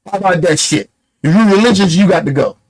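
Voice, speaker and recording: High-voiced man ranting bluntly. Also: quick pace, low-quality recording. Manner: blunt, profane and emphatic, with repeated rhetorical questions. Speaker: online commentator. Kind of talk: heated political rant.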